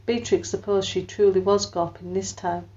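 A woman's voice: mid-range voice, moderate pace, lo-fi sound. A woman narrating a story aloud and giving the people in it voices of their own. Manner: expressive storytelling, lifts her voice for quoted lines. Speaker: audiobook narrator. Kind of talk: scripted narration with character voices.

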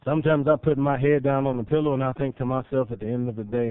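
A man preaching a sermon as pastor, rising to loud emphatic peaks and dropping to soft, drawn-out lines. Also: mid-range voice, steady tone, clean tone, no echo. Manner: swells loud then drops soft, dramatic pauses. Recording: tinny phone-like sound.

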